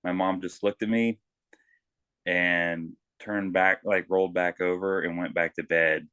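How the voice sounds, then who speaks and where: A man, a Navy veteran, talking casually in an interview and telling animated stories from his service, swearing freely and acting out shouted lines. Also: low voice, a little slow, clean tone, no echo. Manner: animated storyteller, swears freely, acts out yelling.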